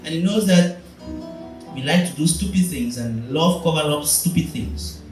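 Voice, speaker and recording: A man's voice: a little high, animated, moderate pace, darkish tone, very echoey, distant mic, soft background music, rough recording. A man preaching a sermon as pastor, firing off rhetorical questions to his congregation. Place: church.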